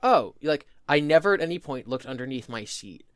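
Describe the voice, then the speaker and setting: A man's voice: mid-range voice, expressive, a little fast, clear, resonant tone, dry recording. A young man from New Jersey with a New Jersey accent, co-hosting a podcast in rambling casual chat and laughing often. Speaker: podcast co-host.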